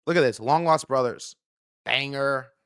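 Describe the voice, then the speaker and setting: Fast, profane male stream host. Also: medium pitch, clean tone, no room sound, studio quality. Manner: profane, heated ranting; fast, excitable delivery. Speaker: livestream host. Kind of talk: live-stream market commentary.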